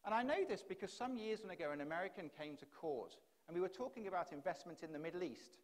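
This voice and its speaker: A man speaks from a conference stage in a fairly high voice, pressing his case through strings of rhetorical questions. He talks into a stage microphone, and the delivery is that of a practiced keynote speaker. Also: animated, quick pace. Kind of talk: keynote speech. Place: conference hall.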